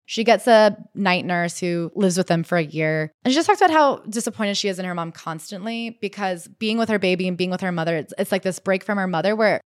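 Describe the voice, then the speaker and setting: A woman co-hosting a casual podcast, retelling a memoir with animated storytelling and reading quoted passages aloud. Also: medium pitch, fairly quick, hardly any pauses, no room sound, studio quality. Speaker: podcast co-host.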